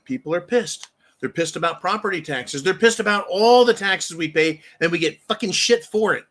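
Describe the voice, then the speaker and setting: A man's voice: sits high, animated, moderate pace, fairly bright tone. A man hosting a political commentary show, ranting angrily and emphatically, with frequent profanity. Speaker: host.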